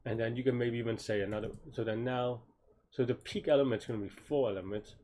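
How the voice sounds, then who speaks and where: A weary man mutters his way through a coding problem, stopping and restarting as he questions his own ideas. His voice sits at an ordinary middle pitch, and he sounds drowsy and unhurried as he thinks aloud. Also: fairly even intonation, darkish tone. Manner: halting, self-questioning, many restarts and trailing off. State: tired, yawning. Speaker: programmer solving a coding problem live.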